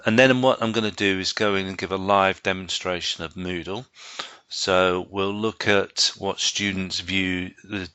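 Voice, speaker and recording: A man giving a live software training presentation to staff, explaining step by step with frequent ums and restarts. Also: sits low, dry recording. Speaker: learning technologist giving a staff training session.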